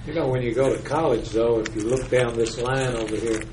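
A man's voice: medium pitch, brisk, noisy background. A man in an informal Bible study discussion, explaining his point with a plain example. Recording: echoey room, voice from far off.

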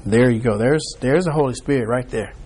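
A man's voice: medium pitch, fairly quick, darkish tone, slight background noise. Chatty man teaching a Bible study. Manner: conversational, restarts often, acts out reactions.

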